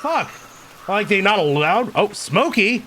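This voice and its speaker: Joking streamer chatting over gameplay, lively ups and downs, swears a bit. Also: mid-range voice, measured pace, a little hiss or hum. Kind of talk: casual gameplay commentary.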